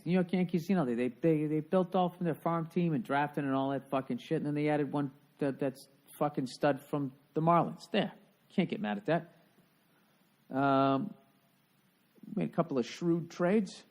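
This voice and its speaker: A man's voice: on the high side, darkish tone. A man from Boston hosting a solo podcast, ranting in a profane, sarcastic, rambling way. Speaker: podcast host. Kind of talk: casual solo podcast rant.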